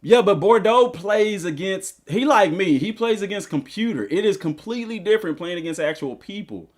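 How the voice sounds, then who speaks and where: Guy streaming a game, high voice that jumps all over, loose rambling chat at his desk mic. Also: animated, moderate pace. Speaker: gaming streamer. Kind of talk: casual live-stream chat.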